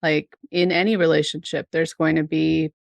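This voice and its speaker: Woman co-host with a low gravelly voice, chatting thoughtfully about a show, dry sound. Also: level tone, normal speed, no echo. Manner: reflective, thoughtful, says "like" and "right?" often. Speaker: podcast co-host. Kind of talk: casual discussion of a TV show.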